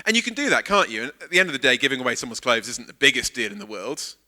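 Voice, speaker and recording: A man's voice: medium pitch, rapid-fire. A man preaching as a guest speaker at a church service, telling a funny personal story and acting out the dialogue. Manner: animated storyteller, acts out quoted dialogue. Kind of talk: sermon with a humorous personal anecdote.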